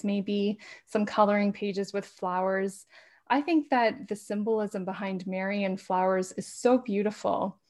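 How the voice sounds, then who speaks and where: A woman who is a podcast guest in a casual interview, talking fast and laughing often. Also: medium pitch, darkish tone. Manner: talks fast with frequent laughs.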